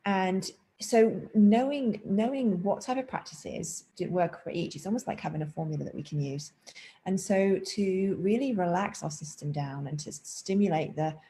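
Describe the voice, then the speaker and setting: A woman's voice: fairly low pitch, moderate pace, dark tone, slight background noise, poor audio. A woman meditation teacher at home, explaining breathing in a chatty way and breaking off now and then to talk to her cat. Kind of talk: casual spoken class introduction. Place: at home indoors, rain outside.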